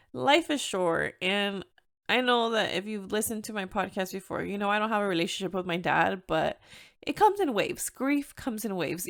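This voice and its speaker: A young woman with a Mexican-American accent chats through her solo podcast, candid and easygoing. She drops Spanish into her English as it comes to her and laughs often along the way. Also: medium pitch. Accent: Mexican-American English with Spanish code-switching. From United States, Mexican-American. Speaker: podcast host. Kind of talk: casual solo podcast chat.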